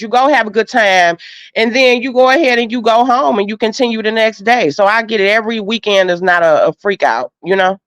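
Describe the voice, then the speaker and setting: A woman's voice: on the high side, a bit bright, no echo. A woman hosting a casual livestream chat, blunt and profane, talking straight to her viewers. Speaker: livestream host.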